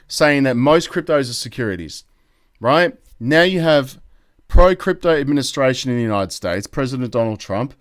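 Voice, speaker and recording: An Australian man hosting a live crypto stream, talking excitedly and rambling as he reads out the chat. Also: mid-range voice, clear, resonant tone, no echo, studio quality. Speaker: crypto YouTube host.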